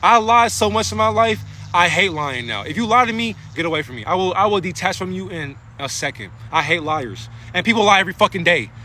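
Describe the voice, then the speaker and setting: A man's voice: sits high, animated, brisk, hardly any pauses, sharp tone, a little hiss or hum. A man delivering a rambling, profane spiritual monologue into his phone, preaching in a casual way. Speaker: spiritual vlogger.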